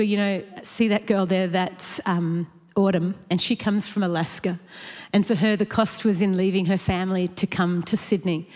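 Animated woman telling a church story. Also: medium pitch, in a large hall. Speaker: church speaker sharing a story. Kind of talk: storytelling talk.

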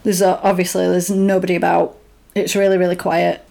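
A woman's voice: lowish voice, brisk, creaky. Chatty woman retelling a film. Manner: animated storyteller, acts out quotes. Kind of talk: casual chat retelling a film.

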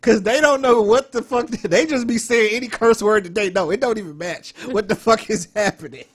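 A man, co-hosting a casual, crude comedic chat, animated and laughing a lot. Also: sits high, fairly quick, slightly rough.

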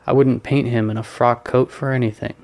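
A man's voice: mid-range voice, fairly even intonation, brisk, vocal fry, a little mellow, close to an everyday voice. A man reading as an amused painter friend. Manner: teasing, amused. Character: cheerful worldly male painter friend. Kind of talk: audiobook reading.

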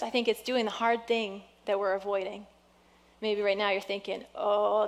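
A woman pastor delivers a lively, conversational sermon, blending encouragement with self-deprecating humor. Her voice sits a little high, and the sound suggests a big room.

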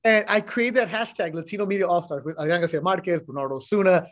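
Blunt, high-voiced middle-aged man. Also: fast. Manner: blunt, animated storytelling with swearing. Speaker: sports broadcaster, podcast guest. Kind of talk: casual chat.

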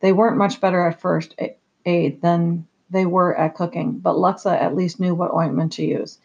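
This gravelly, mid-pitched voice narrates an audiobook at an even, deliberate pace. The recording sounds slightly muffled and flat, much like a simple home setup.

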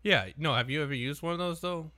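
A man with a bright, forward voice trades easygoing, profane banter as a podcast co-host. He sounds laid-back, shrugs off jabs, and keeps calling his partner dude. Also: on the high side, fast. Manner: laid-back, defensive, swears casually, calls people dude.

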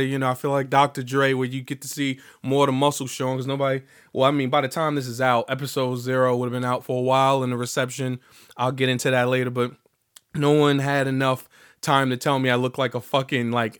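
A young man hosts his own casual solo podcast, chatting profanely and animatedly and breaking into sung bits. His medium-pitched voice has a clean tone but still sounds slightly off as he recovers from being sick.

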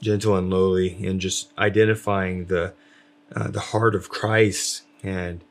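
A man's voice: low-pitched, little pitch movement, measured pace. A man talking casually about faith with his wife, rambling with lots of fillers and restarts. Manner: rambling, many fillers, self-described loud.

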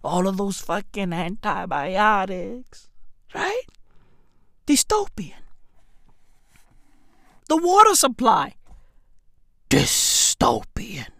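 A woman doing a profane comedic rant, swearing constantly, firing off rhetorical questions and swinging from shouts down to hushed whispers. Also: mid-range voice, very animated, slow pace, long pauses, no room sound, clean studio sound. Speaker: comedic ranter.

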